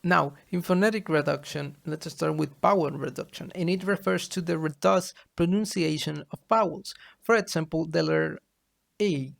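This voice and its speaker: A man giving a class presentation as a student, reading from his slides in a halting way. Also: fairly high pitch, gravelly.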